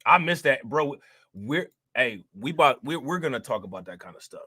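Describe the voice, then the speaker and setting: Man, casual livestream host, slangy and repetitive, bright forceful tone, dry close sound. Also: mid-range voice, expressive, brisk, slightly rough, no room sound. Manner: loose slangy talk, repeats phrases, reads chat shout-outs. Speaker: reaction streamer host.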